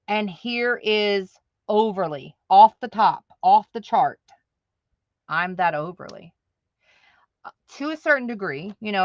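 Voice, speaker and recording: A woman's voice: mid-range voice, pushed and bright, no echo, dull audio. A woman hosting a live stream who chats straight to her viewers, laughing often. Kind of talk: casual livestream chat. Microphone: audio-only livestream.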